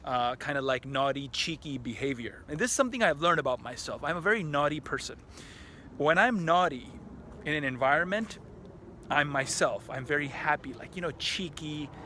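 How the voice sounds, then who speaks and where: A man tells a story straight to his camera outdoors, his voice sitting a little high. He rambles with excitement, swears casually and keeps restarting his sentences. Faint outdoor noise hums behind him. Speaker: vlogger. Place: outdoors at a park tennis court.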